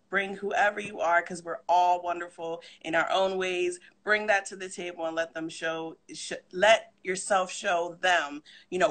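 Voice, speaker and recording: A woman's voice: fairly low pitch, a bit bright. A woman giving interview advice in an upbeat, encouraging casual chat.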